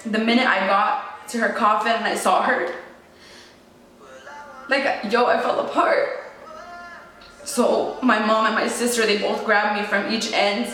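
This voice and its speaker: A woman's voice: on the high side, fairly even intonation, measured pace, long pauses, a bit bright. A young woman sharing a painful personal story in casual, slangy talk full of "like" and "yo". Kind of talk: emotional personal testimony. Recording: very echoey room with faint music.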